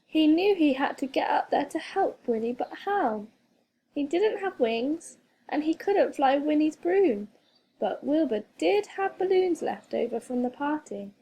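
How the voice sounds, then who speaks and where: A woman reading a children's storybook aloud as a teacher, expressive and playful with sound effects. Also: high voice, a little slow.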